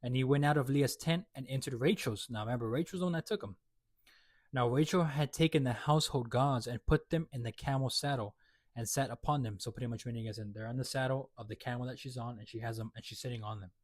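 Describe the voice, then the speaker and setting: A man's voice: medium pitch, quick pace, dry recording. A man reading Bible verses aloud and then retelling them in loose, slangy everyday words, with many fillers and restarts. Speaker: host explaining a Bible chapter. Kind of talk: casual Bible reading with commentary.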